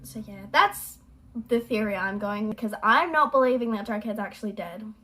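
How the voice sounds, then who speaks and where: A woman's voice: medium pitch, normal speed, a bit bright, rough recording. A young woman hosting a reaction video at home, chatting casually in a rambling, apologetic way. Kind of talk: casual chat. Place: at home, indoors.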